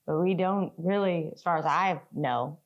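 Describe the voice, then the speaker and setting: A woman's voice: deep voice, measured pace, muffled recording. An American woman co-hosting a casual travel chat, mostly agreeing and adding short remarks. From United States. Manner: agreeable, short affirmations, laughs along. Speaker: co-host.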